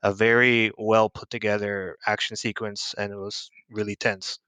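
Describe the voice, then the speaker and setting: Smooth, bright man recounting a movie. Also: on the low side, flat delivery, normal speed, no room sound. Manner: enthusiastic, recounting scenes. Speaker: podcast co-host. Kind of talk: casual movie discussion.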